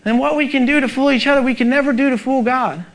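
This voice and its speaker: A man's voice: extremely high pitch, steady tone, fast talker, gravelly, fairly bright tone. A male pastor preaching a sermon, urgent and emphatic, asking the congregation rhetorical questions.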